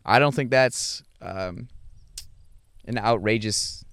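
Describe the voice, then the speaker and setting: A young adult man talking casually about his dating life, halting often with fillers and restarts and chuckling between thoughts. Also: fairly low pitch, fairly bright tone, no room sound, studio quality. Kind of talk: casual rambling monologue.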